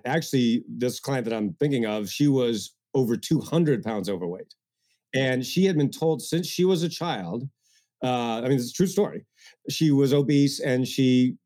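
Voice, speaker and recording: A man speaking as a guest coach in an interview, energetic and getting worked up, with mocking asides. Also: medium pitch, moderate pace. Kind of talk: animated interview talk.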